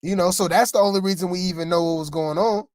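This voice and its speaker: A rambling, exasperated co-host talks through celebrity gossip in a loose, chatty way, often turning to the listeners. The voice sits in a middle pitch. The sound is dry and close, with no room around it. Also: quick pace, a little mellow, dry recording. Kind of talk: casual gossip commentary.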